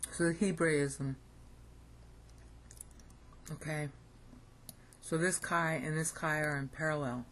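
A woman's voice: low voice, fairly even intonation, takes it slowly, long pauses, fairly bright tone, a little hiss or hum. A woman with an American accent giving an informal recorded lesson, thinking aloud and often checking in with "okay?". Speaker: language teacher.

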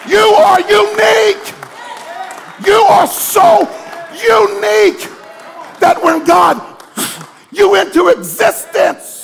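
A man delivers a sermon in a high, gravelly, husky voice, drawing his words out slowly. He calls on the congregation to respond, and they can be faintly heard in the church. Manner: builds from hushed teaching to shouted preaching. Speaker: preacher.

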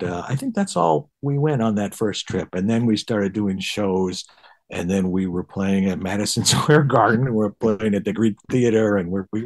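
A middle-aged man from Detroit, a bassist guest in a casual interview, telling stories and acting out past dialogue. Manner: animated, acts out past dialogue in higher voice.

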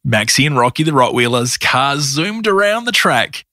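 A man narrating a children's story with a gentle, sing-song storytelling manner. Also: medium pitch, sing-song, normal speed, dry recording, clean studio sound. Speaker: storyteller and producer.

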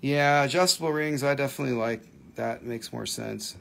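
A man's voice: medium pitch, normal speed, vocal fry, fairly bright tone. A man chatting casually on a home livestream while selling gems, rambling, swearing and laughing easily. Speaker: livestream gem seller. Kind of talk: casual live-selling chat.

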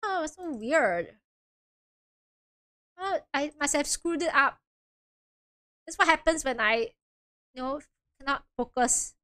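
Bubbly, high-voiced woman streamer. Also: animated, slow pace, long pauses, bright, forceful tone. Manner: chatty, laughs readily, makes asides to chat. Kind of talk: live game stream, reading all the roles aloud.

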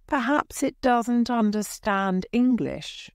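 A woman's voice: on the high side, expressive, slow pace, clean tone, no echo, studio quality, voice pushed up. A woman voicing a polite, curious young girl in a storybook reading, speaking in a wondering, courteous manner.

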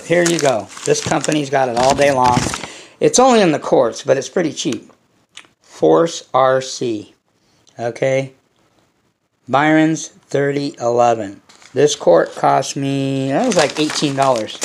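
A man's voice: medium pitch, creaky, background noise. A man hosting a casual unboxing vlog, rambling and blunt, swearing freely as he talks to his viewers. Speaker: hobby channel host.

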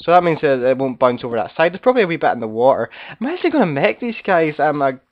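A man hosting a casual game commentary, slightly hoarse from being sick, rambling and chatty as he talks to viewers and fellow players. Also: a little high, sing-song, fast talker, dull audio. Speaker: gaming video host.

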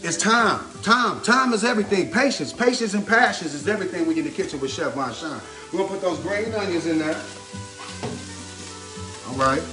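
A chatty man with a fairly high voice talks viewers through a recipe at his stove. His voice is caught from a few steps away, bouncing around the kitchen. Music plays clearly behind him alongside the sizzle of the pan. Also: lively intonation, a little fast, recorded from a distance. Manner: upbeat and chatty, repeats a catchphrase, talks himself through the steps. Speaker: home cook hosting his own cooking channel. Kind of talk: casual cooking demonstration. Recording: roomy kitchen echo, mic set back, music underneath. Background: music and frying sizzle.

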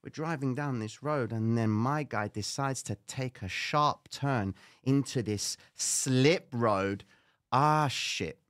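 A man hosting a live stream, telling a dramatic personal story with lively slang. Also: mid-range voice, takes it slowly, no echo, clean studio sound. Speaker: trading show host.

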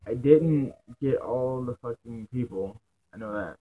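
A man's voice: mid-range voice, measured pace, narrow, tinny audio, a little hiss or hum. A young man casually commenting while playing a video game, cursing freely, mocking himself and snapping at enemies in frustration. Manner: profane, self-mocking, easily frustrated. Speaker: let's play gamer.

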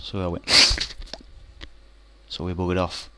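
A man's voice: deep voice, completely flat delivery, takes it slowly, heavy background noise. A man telling a comic anecdote, rambling and colloquial with many fillers. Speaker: storyteller.

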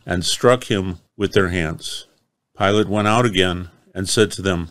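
A man reading a chapter of the Bible aloud, slow, measured and solemn. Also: sits low, fairly bright tone, dry recording. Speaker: scripture reader.

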